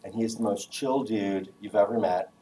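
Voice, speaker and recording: Energetic man giving a casual class talk. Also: fairly low pitch, moderate pace, far from the mic, slight background noise, poor audio. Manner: energetic, casual, jokey, acts out phone voices. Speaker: guest speaker giving a career talk.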